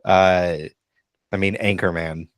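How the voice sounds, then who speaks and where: A middle-aged man, a pastor, chatting casually on a podcast over a video call, relaxed and hesitant with frequent ums. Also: sits low, slow, clear, resonant tone, dry recording. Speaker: pastor and co-host.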